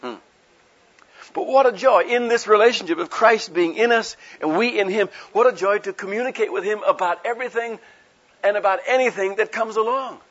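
A man's voice: high voice, brisk, a bit bright. A man preaching a sermon in a folksy, conversational way, asking his listeners rhetorical questions and acting out the people he quotes. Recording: dull lo-fi recording.

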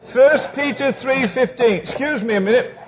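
A man's voice: extremely high pitch, normal speed, very noisy. A man preaching a humorous sermon who tells stories and acts out both sides of conversations. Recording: dull lo-fi recording.

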